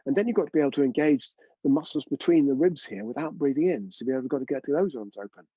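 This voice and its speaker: A man's voice: medium pitch, fast talker, warm tone, breathy edge, no echo, muffled recording. A man teaching a live online breathwork class, chatty and coaching, often checking in with his students.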